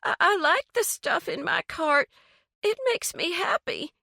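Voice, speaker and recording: A woman's voice: extremely high pitch, expressive, a little slow, vocal fry, sharp tone, dry recording, clean studio sound, voice pushed up, full character voice. A woman voicing a timid, plump shopper on the verge of tears. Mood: tearful. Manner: meek, shaky, stammering.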